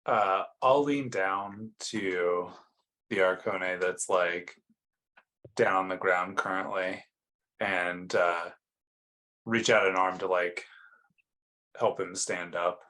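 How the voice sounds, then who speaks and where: A man with a very low voice plays at a tabletop game. He speaks unhurriedly and loosely, filling the gaps with "uh" and "like" as he describes what his character does. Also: fairly even intonation, slow pace, long pauses, sharp tone. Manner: laid-back, describing actions with fillers. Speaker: player. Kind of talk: casual tabletop play.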